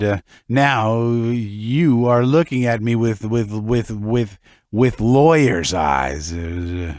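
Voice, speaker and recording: A man's voice: fairly low pitch, no echo, studio quality. A man voicing a drunk, distrustful rich manufacturer who rambles with chuckles and stammered repeats.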